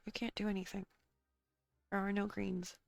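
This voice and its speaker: A woman's voice: medium pitch, little pitch movement, a little slow, gravelly, dry recording, soft background music. A woman streamer talking casually while she plays, blunt and sarcastic in her frustration. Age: adult, married. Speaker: gaming streamer.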